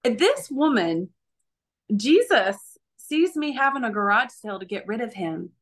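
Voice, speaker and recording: A woman's voice: fairly high pitch, sing-song, a little slow. A young woman sharing her faith testimony in an earnest, conversational way, often laughing. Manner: earnest, laughs often, acts out quoted voices.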